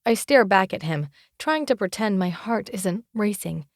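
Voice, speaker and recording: A woman narrating a fantasy romance audiobook in first person, wry and expressive, close to the mic. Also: medium pitch, measured pace, no room sound.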